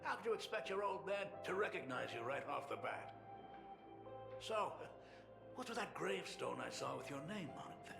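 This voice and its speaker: A man's voice: sits high, very animated, normal speed, vocal fry, full character voice. An actor playing a teasing older male painter who is an estranged father, with a playful, chuckling manner. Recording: echoey game audio with loud music.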